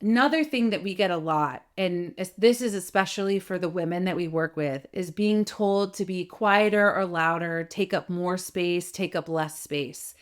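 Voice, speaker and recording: A middle-aged woman voice coach giving an animated talk to camera, often checking in with "right?" and demonstrating vocal changes as she goes. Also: on the low side, normal speed, few pauses, smooth.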